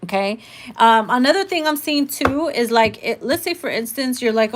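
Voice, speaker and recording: A woman reads tarot live in a loose, chatty way, blunt and quick to swear. Her voice sits a little high. Faint background noise and the soft shuffle of cards run underneath. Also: animated. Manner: casual, blunt, swears freely. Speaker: tarot reader.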